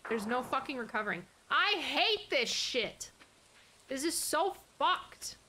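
A woman streaming live gameplay, chatting to her viewers, swearing freely and talking softly to her dog. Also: high voice, very animated, takes it slowly, a little hiss or hum. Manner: swears often, chatty and exasperated; talks softly to her dog between game moments.

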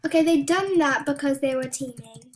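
A young woman giving soft-spoken, anxious commentary as she plays a video game. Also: sits high, moderate pace, slight background noise. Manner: soft-spoken, often hushed, anxious chatter. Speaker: gaming YouTuber. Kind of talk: casual gameplay commentary.

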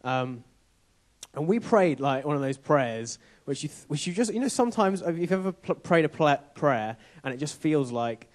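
A man training a church group, telling a personal story in an earnest, animated, informal way. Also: a little high, moderate pace. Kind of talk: conversational storytelling talk. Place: church building.

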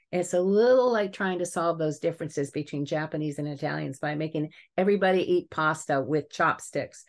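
Low-voiced woman teaching with stories. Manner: lively storytelling, chuckles at examples. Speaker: family psychologist teaching a webinar. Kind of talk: webinar lecture with case stories.

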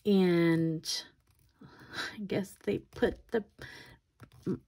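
A woman's voice: fairly low pitch, steady tone, drawn-out words, mellow. An older woman and grandmother chatting casually while doing her nails, telling a rambling story with laughs and restarts. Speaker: nail art vlogger.

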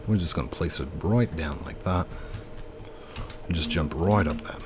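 A man's voice: low-pitched, normal speed, background noise, voice pushed down, close to an everyday voice. A man putting on an Australian accent, voicing a laid-back fellow in a game. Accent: put-on Australian.

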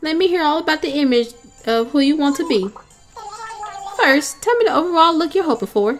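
A woman puts on an accent and a high, lifted voice to play a sugary poodle salon stylist who gushes and calls everyone sugar. Expressive and a little fast, she sells her makeovers with polished, salesy politeness over faint game music.

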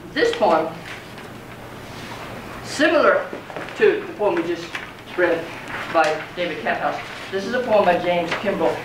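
A poetry teacher giving a conversational classroom lecture, often checking in with the students. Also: medium pitch. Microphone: far from speaker. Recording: roomy classroom, mic far off, faint noise.

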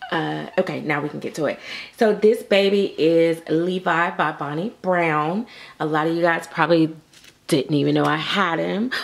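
A woman chatting casually to camera about her collectible dolls, animated and full of acted-out quotes. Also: fairly low pitch, gravelly. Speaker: doll collector vlogger.

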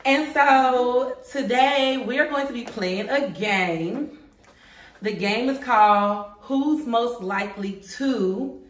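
A woman's voice: fairly high pitch, slow pace. Laughing woman vlog host, echoey room. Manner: lively, laughing, Southern-tinged slang. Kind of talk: casual chat with friends. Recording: echoey room, mic far off.

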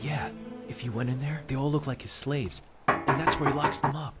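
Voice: mid-range voice, steady tone, normal speed, loud music behind the voice, close to an everyday voice. An actor voicing a tough, blunt teenage street kid who swears, in a dubbed drama. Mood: urgent.

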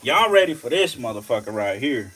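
A swearing, joking snake keeper vlogs with a handheld camera that he sometimes sets down, his lively voice rising and falling. He speaks briskly at a medium pitch with a breathy edge. He laughs at his own jokes and talks to the snakes and mice while he works.

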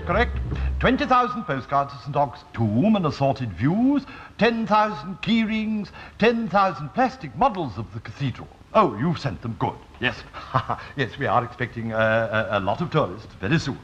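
An actor playing a pompous, flustered bishop in a 1960s studio sitcom, on a muffled old TV recording with faint hiss. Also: male voice, mid-range voice, sing-song, moderate pace, a bit bright. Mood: fussy. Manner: pompous, flustered, grandly quoting scripture. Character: pompous fussy middle-aged male bishop.

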